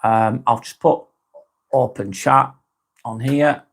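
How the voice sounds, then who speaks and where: A man hosting a casual live stream, talking softly and unhurriedly, apologising often and reading out viewer comments. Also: mid-range voice. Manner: soft, unhurried, apologetic, with frequent ums and restarts.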